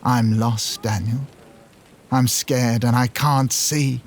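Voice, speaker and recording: A man voicing the blind, frightened ghost of an old father who pleads slowly and wails. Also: mid-range voice, fairly even intonation, a little hiss or hum. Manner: pleading, wailing, slow.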